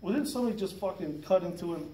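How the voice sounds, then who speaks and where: A man's voice: high-pitched, animated, rapid-fire, very noisy. A man in his fifties telling a rambling, profane work story in casual chat, laughing as he goes. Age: 50s. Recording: roomy sound from a distant mic.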